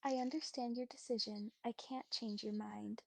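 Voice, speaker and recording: A woman giving calm, polite, reassuring replies in an even chatbot voice. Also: fairly high pitch, moderate pace, creaky, no room sound.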